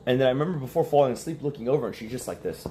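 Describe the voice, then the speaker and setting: A man's voice: medium pitch, expressive, very fast, background noise. A young man telling a story in casual stream talk, acting out the quoted lines and laughing between them.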